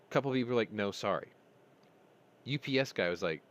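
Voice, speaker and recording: A man with a lowish voice tells a story in a casual chat. He speaks in quick, animated bursts and drops in the odd swear word. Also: lo-fi sound. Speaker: podcast host.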